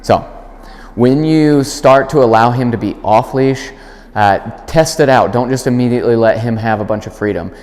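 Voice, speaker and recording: A man who trains dogs explains a demonstration in a calm voice and gives firm, clear commands. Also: mid-range voice, moderate pace. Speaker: dog trainer. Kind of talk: instructional demonstration. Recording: long hall reverb.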